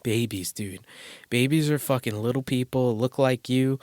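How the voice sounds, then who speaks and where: A man's voice: medium pitch, normal speed, darkish tone, no echo. A man hosting a solo podcast from a closet, talking in a rambling, crude, self-deprecating way and swearing a lot. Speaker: podcast host. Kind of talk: casual solo podcast monologue. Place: small closet.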